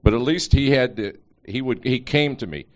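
A man's voice: medium pitch, normal speed. A man in a church group telling a story in a plain, matter-of-fact way. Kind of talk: casual storytelling.

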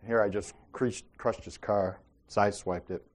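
A man's voice: lowish voice, steady tone, a little slow. A man hosting a faith talk show, telling personal stories and often checking in with "right?" and "Amen?". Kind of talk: faith-based casual talk.

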